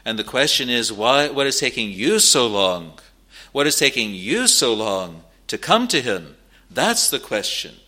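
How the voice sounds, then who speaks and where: Bright-voiced male preacher, earnest sermon. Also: medium pitch, very animated. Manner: earnest, pleading with listeners, slow stressed phrases.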